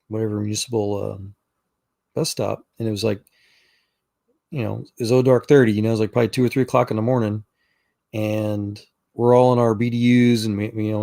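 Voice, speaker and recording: With a lowish, gravelly, somewhat dark voice, a middle-aged chat room participant from Texas tells meandering stories. He restarts often and leans on plenty of filler words.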